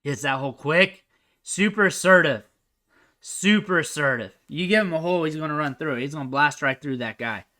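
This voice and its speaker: A young man giving casual, chatty commentary over football highlight film, thinking aloud and trailing off quietly at the ends of his sentences. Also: expressive, a little fast. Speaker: recruiting analyst host.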